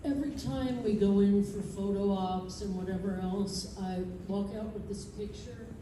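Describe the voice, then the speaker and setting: Earnest fan in a very echoey hall. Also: female voice, mid-range voice, fairly even intonation, normal speed, noisy background. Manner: earnest, self-deprecating. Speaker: fan asking a question. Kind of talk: audience question. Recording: very echoey hall, distant mic.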